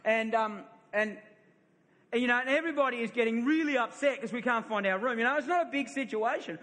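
Aussie pastor guy preaching, middle-aged, high bright voice, stumbles and repeats words a lot, big hall echo. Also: brisk. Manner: storytelling, repeats words, laughs at himself. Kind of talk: sermon. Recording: long reverb of a large hall.

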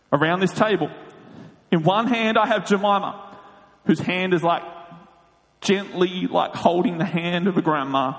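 An Australian man telling a comic story in an animated way with laughing asides. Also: sits high. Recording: long hall reverb.

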